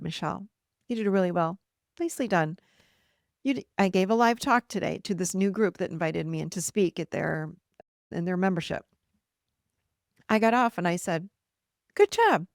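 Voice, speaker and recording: A middle-aged woman hosting a podcast alone, talking casually and encouragingly, and she breaks into lively quoted voices. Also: mid-range voice, creaky, dry recording, studio quality. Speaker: podcast host and therapist. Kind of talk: casual solo podcast talk.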